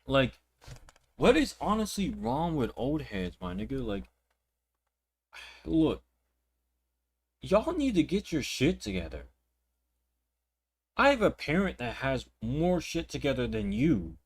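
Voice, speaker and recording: A man's voice: mid-range voice, huge pitch swings, slow pace, pauses often, breathy edge. A young man ranting indignantly while reacting to clips, talking in a profane, repetitive way. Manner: repeats words and restarts sentences. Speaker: reaction channel host. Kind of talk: reaction commentary.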